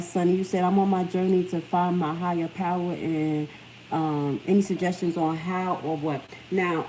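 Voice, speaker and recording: A middle-aged woman speaks, her voice sitting slightly low as she hosts a casual livestream. She tells stories with animated energy. A faint background noise sits under the recording. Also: low-quality recording. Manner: animated storytelling, lively quoted voices. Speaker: livestream host.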